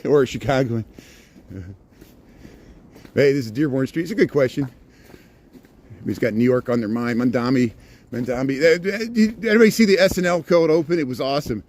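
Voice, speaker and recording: A man's voice: medium pitch, expressive, fairly quick, pauses often, a little mellow. A man hosting a live stream as he walks a snowy city sidewalk, chatting with viewers and rambling through joking, sarcastic asides. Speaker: livestreaming street-walk host.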